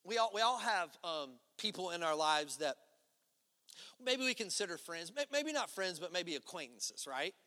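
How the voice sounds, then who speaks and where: A man preaches a sermon with a high, bright voice that rings out in a church hall with a long reverb. He talks to the congregation conversationally, pushing some lines out loud and dropping others to a low hush. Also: sing-song, normal speed. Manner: conversational preaching, swinging between loud emphatic and hushed low delivery. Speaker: pastor.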